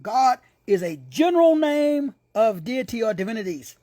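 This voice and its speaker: A man with a Texan accent preaching an informal sermon, playful and slangy, who drops into hushed whispers for asides. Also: very high voice, very animated, moderate pace, dry recording. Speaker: preacher and teacher.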